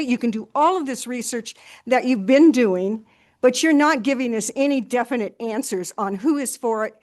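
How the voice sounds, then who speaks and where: An older retired woman giving an impassioned, frustrated public comment at a meeting, halting and restarting as she speaks. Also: a little high.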